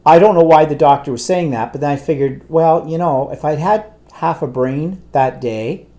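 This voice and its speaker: A man's voice: on the high side, moderate pace, mellow. Rambling man telling a story. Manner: rambling anecdotal storyteller, exasperated. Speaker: co-host. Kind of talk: casual chat.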